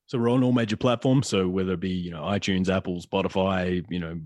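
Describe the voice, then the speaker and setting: Fast-talking man. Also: deep voice, fairly even intonation, a little mellow, no echo, studio quality. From Australia. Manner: rapid, chatty, restarts phrases often. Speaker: podcast guest. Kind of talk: casual podcast chat.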